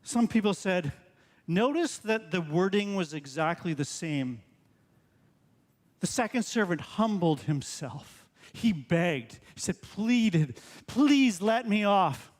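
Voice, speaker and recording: A man's voice: high-pitched, lively intonation, slow pace, in a large hall. A male pastor preaching a sermon in a conversational way, full of rhetorical questions. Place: church sanctuary.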